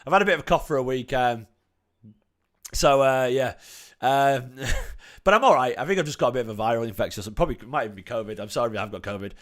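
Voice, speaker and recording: Excitable man on a fan livestream. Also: mid-range voice, fast. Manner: excitable, emotional, chatty, with many fillers. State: slight cough. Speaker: fan channel host reading live chat. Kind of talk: casual livestream chat.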